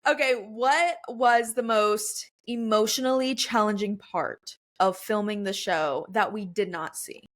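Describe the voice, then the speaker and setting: A young woman hosts a podcast in a casual interview chat, speaking supportively, laughing often, and calling her guest "girl." Her voice is medium-pitched, her pace measured, with few pauses.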